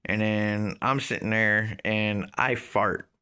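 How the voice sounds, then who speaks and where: A man in his thirties with a somewhat low voice tells a story in a loose, rambling way. He leans on fillers and swearing, and his pace drifts between quick and drawn out. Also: fairly even intonation, pushed and bright, smooth. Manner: rambling, profane, filler-heavy. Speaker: vlogger. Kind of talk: casual storytelling.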